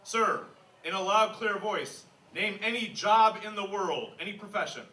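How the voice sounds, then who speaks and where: Brief: American male stand-up, bright animated delivery, wry self-mockery, echoey live room, mic a little distant. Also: sits high, normal speed. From United States. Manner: wry, self-mocking, chatty with the crowd. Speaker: stand-up comedian. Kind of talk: stand-up comedy set. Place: live comedy venue with audience.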